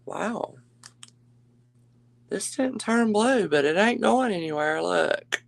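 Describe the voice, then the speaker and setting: A woman's voice: medium pitch, animated, slow pace, vocal fry, no echo, low-quality recording. A woman hosting a live jewelry auction stream, chatty and gushing, calling her viewers darling and y'all. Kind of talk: casual live-stream selling chat.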